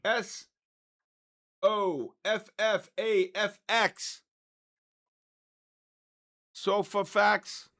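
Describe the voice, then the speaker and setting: A man's voice: high-pitched, little pitch movement, drawn-out words, pauses often, fairly bright tone. A man in his sixties hosting a trading livestream, joking and exasperated as he spells out viewer names letter by letter. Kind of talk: casual livestream chat, calling out viewer names.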